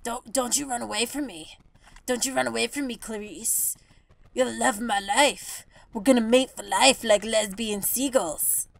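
A woman voicing a brash, crude female seagull who flirts with a low, gruff swagger. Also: fairly even intonation, moderate pace, a little hiss or hum. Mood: flirting.

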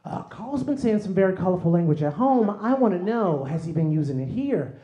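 A man's voice: high voice, big pitch swings, brisk, dark tone, muffled recording, pitched above the performer's own voice. A man voicing a stern, upset mother complaining to her child's teacher. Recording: echoey room, faint noise.

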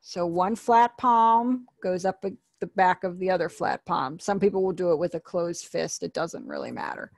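A woman's voice: lowish voice, expressive, moderate pace, hardly any pauses, no echo, studio quality. A woman teaching an online sign language class, patiently explaining and repeating each word.

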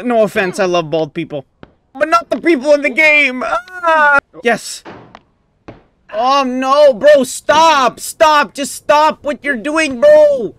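A gaming YouTuber giving let's play commentary, raging and swinging between sudden yelps and low muttering. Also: a bit bright, smooth, no room sound.

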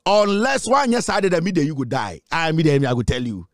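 A man's voice: on the high side, very animated, a little fast, no room sound, studio quality. A middle-aged man with a Ghanaian English accent, delivering a mocking, taunting commentary rant that slips into Twi. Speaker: online commentator. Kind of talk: ranting commentary.

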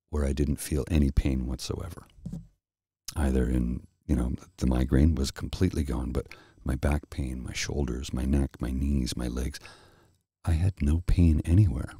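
A middle-aged man hosting a soft-spoken ASMR chat, telling a rambling story slowly and with restarts, close to the mic. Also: a bass voice, husky, no echo. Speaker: host.

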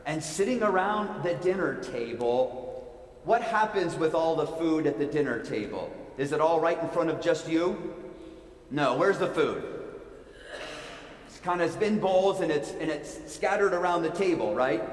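A man's voice: on the high side, expressive, measured pace. A man giving a playful children's sermon, asking his listeners lots of questions. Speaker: pastor. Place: church sanctuary. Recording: echoey church hall with long reverb.

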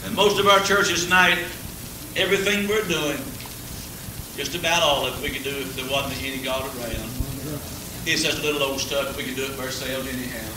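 At a church service, a man delivers a folksy revival sermon in a medium-pitched, steady voice at a fairly quick clip. He's humorous, chuckles a lot, and climbs to fervent peaks. The old church tape was recorded from a distance, so it's echoey with a faint hiss.

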